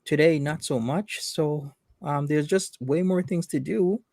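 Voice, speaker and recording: A man's voice: a little high, unhurried, gravelly, a little mellow, no echo, clean studio sound. A man hosting a casual commentary chat, wry, reading viewer comments aloud. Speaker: host.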